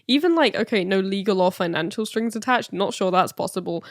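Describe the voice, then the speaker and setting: A woman's voice: mid-range voice, lively intonation, brisk, dry recording, clean studio sound. A woman co-hosting a podcast, chatting casually and laughing easily. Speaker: podcast co-host. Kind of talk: casual comedic chat.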